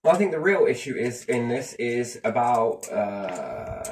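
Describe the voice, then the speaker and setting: A man's voice: mid-range voice, very animated, unhurried, distant mic, a little hiss or hum, low-quality recording. A man giving rambling, opinionated views in casual chat, with restarts and the odd swear.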